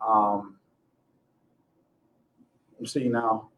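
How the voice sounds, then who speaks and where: A man's voice: on the low side, flat delivery, drawn-out words, fairly bright tone, poor audio. A man co-hosting a podcast, chatting casually, teasing his co-hosts and laughing often with rambling restarts. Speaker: podcast co-host. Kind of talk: casual chat.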